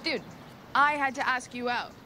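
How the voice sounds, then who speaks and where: A woman's voice: sits high, fairly even intonation, moderate pace, close to an everyday voice. Playful young woman, an actress, in a TV clip. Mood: teasing. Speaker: character in a TV series. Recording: TV clip audio with background noise.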